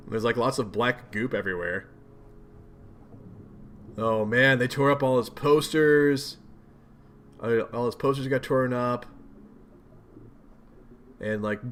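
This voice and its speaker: A man reading a webcomic aloud and commenting in a chatty, animated way, reacting with surprise. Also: mid-range voice. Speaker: webcomic reader and host. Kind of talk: casual read-aloud commentary.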